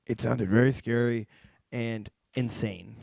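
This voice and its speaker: A man's voice: medium pitch, fairly even intonation, unhurried, vocal fry, darkish tone, no echo, studio quality. A man co-hosting a podcast in casual, slangy chat, often chiming in. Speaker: podcast co-host.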